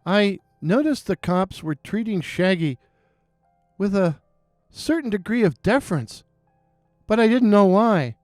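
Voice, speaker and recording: A man narrating a scripted horror story in a measured, suspenseful way. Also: sits high, expressive, a little mellow, no echo, studio quality, faint music behind.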